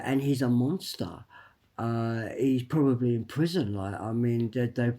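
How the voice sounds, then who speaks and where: A man at a mid-range pitch delivers a rambling personal monologue. He stops and restarts often and repeats words. He presses his points and keeps tagging them with a quick "right?". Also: dark tone. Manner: emphatic, tags lines with "right?". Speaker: vlogger.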